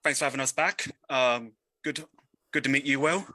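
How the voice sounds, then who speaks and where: A man asking an interview question, halting and full of ums. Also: medium pitch, pushed and bright, no room sound, low-quality recording. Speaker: podcast journalist.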